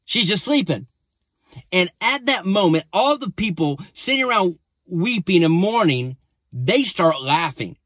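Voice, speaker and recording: Man, pastor, casual sermon recap, higher voice, dry close sound, conversational restarts. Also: lively intonation, a little slow, fairly bright tone, dry recording. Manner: conversational storytelling with frequent restarts.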